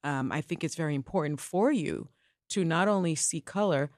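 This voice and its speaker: Her voice is low with a darkish tone as she co-hosts a podcast, casually pushing her opinions with emphasis and tossing in quick asides. It's studio-quality audio with no room sound.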